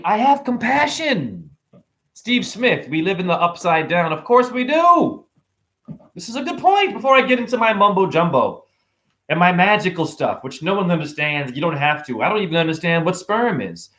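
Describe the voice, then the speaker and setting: A man with a high voice that leaps all over its range rants through a rambling spiritual monologue to camera. He preaches, jokes and swears casually. He keeps exclaiming as he talks. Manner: animated, preachy, joking, exclaiming. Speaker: spiritual vlogger.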